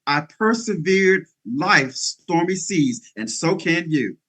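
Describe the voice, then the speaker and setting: A man's voice: on the high side, expressive, slow, fairly bright tone. A middle-aged man giving an interview as a guest speaker, talking in an emphatic, preacherly way with bursts of energy. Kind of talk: motivational interview talk.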